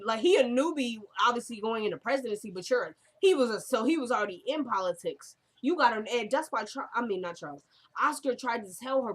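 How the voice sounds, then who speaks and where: A woman talks through a TV drama episode in a loose, conversational recap. She rambles, trips over her own sentences and corrects herself as she goes. Her voice sits at an ordinary middle pitch for a woman. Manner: chatty, rambling, many fillers and self-corrections; drops into quieter, lower tones when quoting characters. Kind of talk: casual recap commentary.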